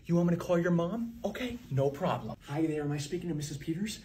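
A man's voice: fairly high pitch, animated, fast, dark tone, close to an everyday voice. A man playing a fake-sweet, impatient school nurse. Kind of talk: comedy sketch.

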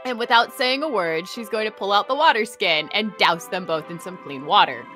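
A woman playing a tabletop game, lively and playful with her group. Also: mid-range voice, soft background music. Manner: lively and playful, quick to joke. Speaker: player. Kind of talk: casual tabletop game play.

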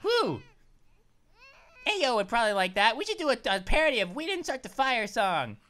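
A woman's voice: fairly high pitch, moderate pace. A woman hosting a let's play, chatting casually and jumping at every scare. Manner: excitable and easily startled, chatty. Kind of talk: casual gameplay commentary.

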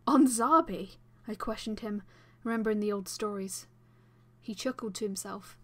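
A woman reading a first-person fan audiobook as its narrator, with expressive delivery. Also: medium pitch, moderate pace.

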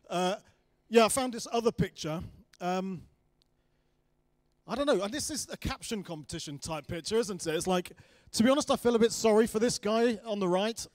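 A man's voice: high-pitched, expressive, brisk. A man giving a guest sermon in a church hall, chatty and joking with asides. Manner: jokey and chatty, self-deprecating asides. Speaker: guest preacher.

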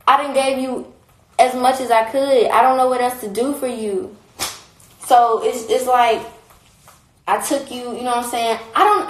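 A woman's voice: a little high, echoey room, poor audio. A young woman on a phone live stream, talking in a heated, blunt and repetitive way, with frequent swearing. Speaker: livestreamer. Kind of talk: casual livestream rant.

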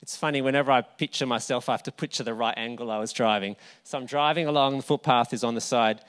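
A man's voice: mid-range voice, fast talker, a bit bright, clean tone. A male pastor with an Australian accent, telling a personal story in a conversational sermon with asides and self-corrections. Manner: conversational, anecdotal, with asides and restarts.

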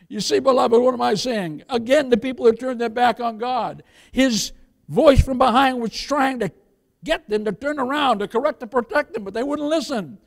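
Male pastor, high voice, emphatic preaching, speaks straight to his congregation. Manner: preaching with rising emphatic calls, addresses the congregation as beloved. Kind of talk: sermon. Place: church.

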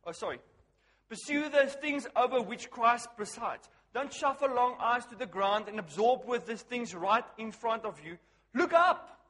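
A man preaching a lively sermon, asking the crowd questions and swinging from hushed to loud. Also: extremely high pitch, normal speed, long reverb tail.

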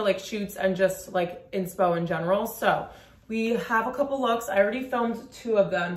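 A woman vlogger chatting casually through her outfits on a lunch break, talking quickly with a lot of "like" fillers. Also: medium pitch. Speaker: fashion vlogger. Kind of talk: casual outfit walkthrough to camera. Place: room at home during a work lunch break. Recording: roomy echo.

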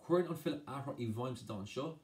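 A man's voice: mid-range voice, animated, fast talker. A man tutoring exam revision, translating each phrase and going over points again and again. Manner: explains by translating each phrase, repeating himself. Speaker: Irish language tutor.

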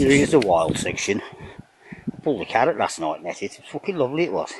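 A man's voice: lowish voice, sing-song, fairly quick, heavy background noise. An older man giving a rambling, casual commentary outdoors in his garden, swearing in nearly every sentence. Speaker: vlogger narrating home renovation.

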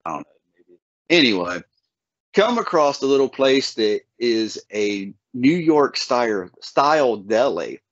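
A man's voice: medium pitch, big pitch swings, dry recording. A man hosting a podcast, telling stories in a laid-back, folksy way. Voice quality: laid-back, folksy storytelling with drawn-out words. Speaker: podcast host. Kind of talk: casual podcast chat. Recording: dull, dry lo-fi audio.

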